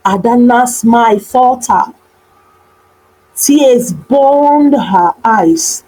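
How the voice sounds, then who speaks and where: A woman narrating an animated folktale in an expressive, dramatic way. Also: fairly high pitch, drawn-out words, poor audio. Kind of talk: storybook narration.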